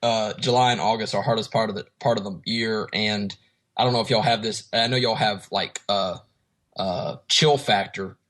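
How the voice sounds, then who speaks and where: A man's voice: lowish voice, fairly even intonation, moderate pace, a bit bright. A man from Texas with a Southern accent, guest on a podcast, easygoing with many hesitations. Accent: Southern US, Texan. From Houston, Texas. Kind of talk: casual interview chat.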